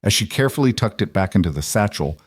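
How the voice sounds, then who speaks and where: A man giving scripted, measured narration of a western story. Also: on the low side, expressive, breathy edge, dry recording.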